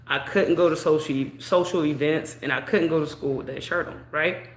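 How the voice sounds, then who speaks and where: A woman's voice: sits low, fairly even intonation. Chatty woman telling a story, roomy echo. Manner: chatty, drawn-out, full of "you know". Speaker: vlogger. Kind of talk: casual storytelling. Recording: echoey room.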